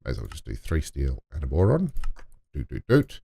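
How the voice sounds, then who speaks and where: A man's voice: extremely low pitch, wildly swooping pitch, moderate pace, gravelly, mellow. A man giving casual gameplay commentary, muttering to himself and talking to in-game items as he builds. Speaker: let's play gamer.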